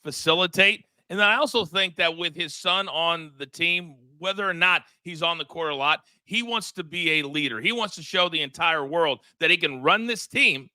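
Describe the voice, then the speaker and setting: A man hosting a live sports betting show, leading the panel with emphatic, energetic talk. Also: a little high, normal speed, hardly any pauses, no echo. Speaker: host.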